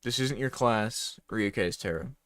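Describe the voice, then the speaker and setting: Guy doing a grumpy low-voiced teacher, flat and stern, dry sound. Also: measured pace, dry recording.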